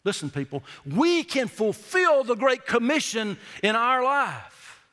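A middle-aged pastor delivers a sermon in a church sanctuary, spinning folksy stories and slowing down to hit key words hard. His high voice is bright and forceful with big pitch swings, and the hall adds a long reverb.

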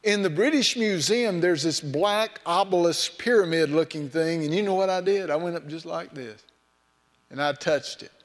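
A man's voice: a little high, moderate pace. A man preaching a sermon in a folksy, storytelling way, mixing scripture with personal anecdotes. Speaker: pastor. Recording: long hall reverb.

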